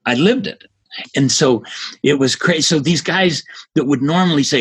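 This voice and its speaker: A man in his seventies, a guest in a casual interview, telling stories in an energetic, emphatic way. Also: medium pitch, normal speed, slightly rough. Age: 70s.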